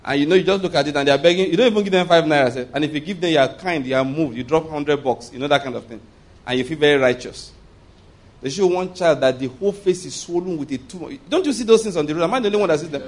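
Emphatic preacher, fairly high voice. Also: male voice, fast talker. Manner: emphatic, calls for congregation responses. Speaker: pastor. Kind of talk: sermon. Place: church.

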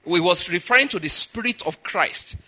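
A man's voice: high voice, lively intonation, moderate pace, pushed and bright. A man preaching a sermon as a pastor, emphatic, often checking in with the listeners with asides. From Nigeria.

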